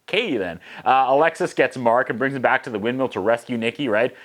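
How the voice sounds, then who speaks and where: A man hosting a one-take movie recap in a loose, casual way. He mixes in sarcastic, profane jokes and puts on quick voices for the characters. His pitch sits right in the middle for a man. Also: fairly bright tone. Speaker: host.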